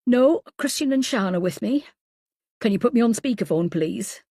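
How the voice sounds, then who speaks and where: A woman narrating a tense male detective in an audiobook, his words hurried and pressing. The sound is close and dry, with no room around it. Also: a little high, lively intonation, warm tone, dry recording, voice pushed up. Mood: urgent. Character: urgent male detective sergeant.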